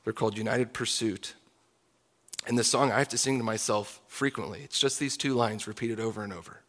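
A pastor in his thirties preaches a sermon in an earnest, confessional manner, closing in soft prayer. His voice is fairly low in pitch and brisk.

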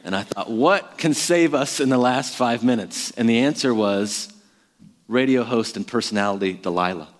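A man's voice: medium pitch, moderate pace, in a large hall. A man in his thirties, a pastor preaching a sermon in a conversational, self-deprecating way with many fillers.

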